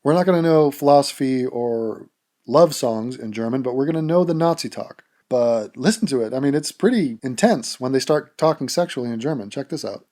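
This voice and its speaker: A man hosts a casual YouTube vlog, bluntly answering viewer questions while swearing a lot and cracking jokes. His medium-pitched voice is warm, animated and brisk.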